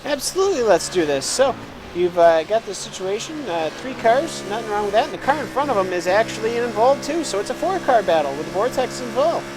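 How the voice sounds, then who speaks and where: A man's voice: extremely high pitch, sing-song, fairly quick. A man giving live sim racing analysis on a headset mic, rambling with lots of uhs. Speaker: race commentator. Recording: noisy broadcast audio.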